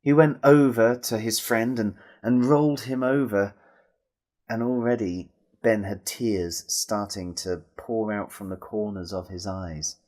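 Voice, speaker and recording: A man telling a wartime folk tale to children, expressive and speaking straight to his listeners. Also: lowish voice, measured pace. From England. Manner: expressive, addresses listeners directly. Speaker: storyteller. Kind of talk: storytelling for children.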